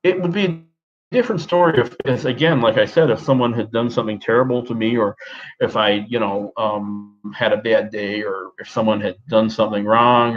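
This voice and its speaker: A man in his thirties from Australia, talking in a put-on American accent in a halting, rambling personal monologue full of restarts and fillers. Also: mid-range voice, lo-fi sound. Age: 30s. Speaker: vlogger. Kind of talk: personal talk to camera.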